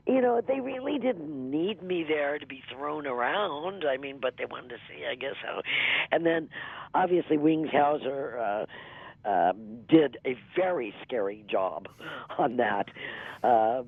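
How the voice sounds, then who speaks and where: Gravelly-voiced woman on a phone line. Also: a bass voice. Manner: rambling, laughs often, many "you know" fillers. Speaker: interview guest, former music TV veejay. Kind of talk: casual interview storytelling. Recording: tinny dry phone line.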